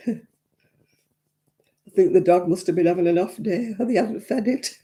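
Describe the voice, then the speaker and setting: A woman's voice: fairly low pitch, moderate pace, warm tone. Chatty self-mocking woman. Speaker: craft live-stream host. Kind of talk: casual live-stream chat.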